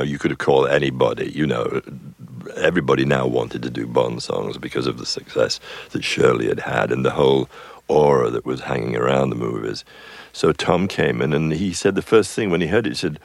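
An older man with an extremely low, fry-laden voice tells anecdotes as an interview guest. He rambles, restarts and chuckles as he goes. The sound is dry and close-miked. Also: no echo. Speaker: film composer, interview guest. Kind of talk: relaxed anecdotal storytelling.

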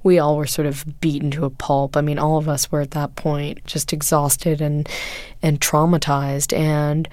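Woman in her 40s, low voice, dry close sound, slow careful telling with lots of ums. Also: flat delivery, darkish tone, no room sound. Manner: earnest, measured storytelling with frequent fillers. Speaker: guest, photojournalist. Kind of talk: recounting experiences in an interview.

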